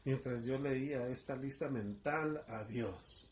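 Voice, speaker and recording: A man's voice: medium pitch, a little slow. A man, a pastor, telling his personal testimony in an earnest, emotional storytelling manner.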